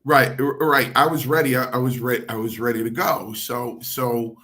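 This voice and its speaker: A man's voice: medium pitch, moderate pace. A middle-aged man, a former pro wrestler, telling stories in an interview and acting out the dialogue. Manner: animated storyteller acting out quoted dialogue. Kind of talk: shoot interview storytelling.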